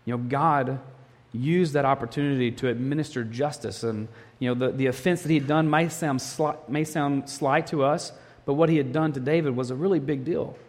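A male pastor preaching a sermon with animated storytelling. He acts out the voices of the people in his story. His voice rings with a long reverb, as if recorded in a large hall. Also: medium pitch, moderate pace.

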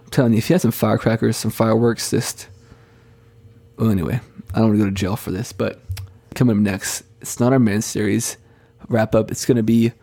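A man's voice: lowish voice, steady tone, fairly quick, gravelly, mellow, slightly rough. A male podcast host playing the straight man in a comedy sketch, hesitant and flustered, with frequent ums and uhs. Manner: hesitant, many fillers, flustered.

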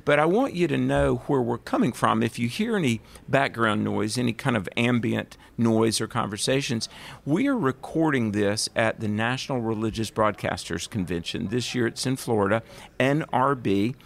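A radio show host with a Southern US accent chats through a casual interview, enthusiastic and prone to rambling. His voice sits in the mid range, expressive and touched with vocal fry, moving at a moderate pace.

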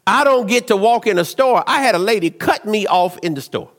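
A man preaching a sermon, telling stories in an animated way, dropping to low asides and rising to shouts. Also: fairly quick, long reverb tail.

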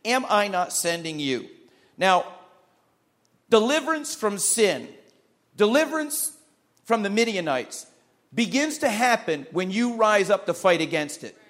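A pastor preaching a sermon with emphatic, repeated phrases and calls of amen to the congregation. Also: male voice, sits high, big pitch swings, measured pace, long pauses, a bit bright.

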